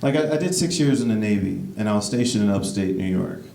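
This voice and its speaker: Gravelly stand-up comic in an echoey club. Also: male voice, lively intonation, quick pace, mellow, far from the mic. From United States. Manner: rambling, self-correcting delivery with sudden high-pitched bursts. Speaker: stand-up comedian. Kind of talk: stand-up comedy set. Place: comedy club stage. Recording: echoey club recorded from afar, noisy. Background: audience laughter.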